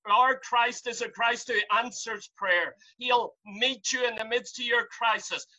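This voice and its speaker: A man's voice: extremely high pitch, bright, forceful tone, low-quality recording. A man preaching a sermon from home over a video call, fervent and pleading, rising to cries.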